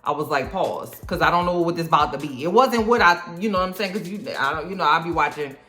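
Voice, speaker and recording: A woman's voice: on the low side, quick pace, pushed and bright. A woman recapping a TV episode in casual, slangy, sassy talk that keeps checking in with "okay?". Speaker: TV recap vlogger. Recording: echoey room with faint music.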